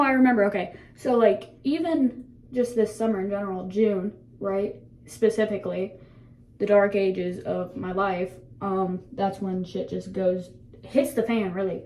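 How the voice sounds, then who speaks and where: A woman's voice: mid-range voice, fairly even intonation, measured pace, darkish tone. A seventeen-year-old woman chatting casually to her phone camera in a bathroom, rambling, laughing often and swearing freely as she reflects. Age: teens. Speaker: vlogger.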